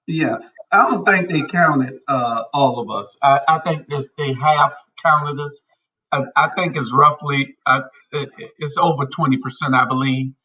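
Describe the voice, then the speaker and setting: A man's voice: a little high, a little slow, bright, forceful tone, dull audio. A man hosting a casual talk show, giving blunt, emphatic opinions. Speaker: show host. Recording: distant from the mic.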